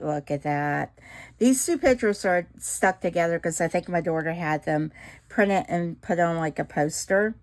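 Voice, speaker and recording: A woman's voice: on the low side, measured pace, darkish tone. A middle-aged woman, chatting casually to viewers while crafting and gushing over her work, often dropping to an awed whisper. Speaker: resin craft vlogger.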